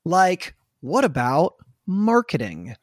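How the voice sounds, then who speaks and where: Animated podcast guy, lively voice. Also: fairly high pitch, slow, no echo, clean studio sound. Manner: animated, swearing, lots of fillers. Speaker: podcast host. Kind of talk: casual podcast chat.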